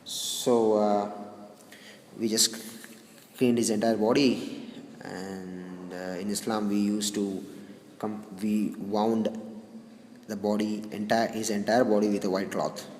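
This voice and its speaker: A grieving man recalling a family funeral, speaking haltingly with many restarts and sighs. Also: fairly low pitch, little pitch movement, darkish tone. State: grieving, subdued. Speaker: grieving brother recounting a funeral. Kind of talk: personal spoken recollection. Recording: roomy reverberant hall with faint noise.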